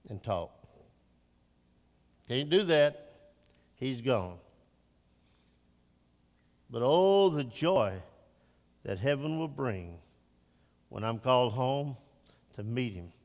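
An older man preaching a Father's Day sermon, climbing to loud, high emphatic peaks and then dropping to soft, slow reflection. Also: big-room sound.

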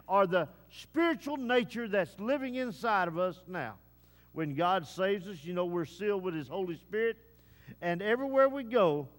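A man preaching a sermon to his congregation in a folksy way, with many pauses and "uh" fillers. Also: high voice. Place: church service. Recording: long hall reverb.

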